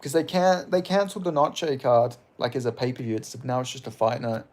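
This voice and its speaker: A man's voice: mid-range voice, steady tone, fairly quick, a little mellow. A young Australian man from Western Australia chatting casually on a livestream about MMA, reading chat and rambling with plenty of swearing and filler words. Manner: rambling and profane, with frequent fillers and chuckles.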